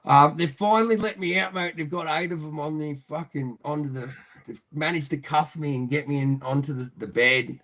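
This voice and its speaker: A man's voice: on the high side, fairly even intonation, normal speed, a bit bright. Profane, rambling Australian man. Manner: profane, rambling, laughs often. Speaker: podcast guest. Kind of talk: casual storytelling.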